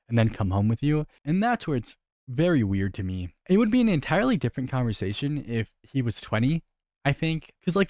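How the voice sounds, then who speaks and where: Young male commentator, low voice, dry close sound, critical and chatty reaction tone. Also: darkish tone, dry recording. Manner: critical, incredulous, conversational. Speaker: commentary host reacting to a video.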